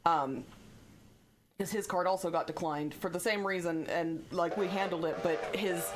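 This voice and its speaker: A young adult woman streaming, telling stories in a casual, animated way, swearing freely and acting out the people she quotes. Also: lowish voice, moderate pace, over music. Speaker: live streamer. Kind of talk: casual storytelling chat.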